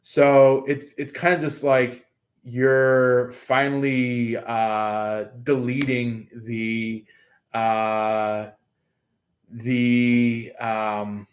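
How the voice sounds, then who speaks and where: A man's voice: medium pitch, level tone, extremely slow. A man giving a casual astrology reading to his viewers, rambling and hesitant, with many fillers and restarts. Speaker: tarot reader.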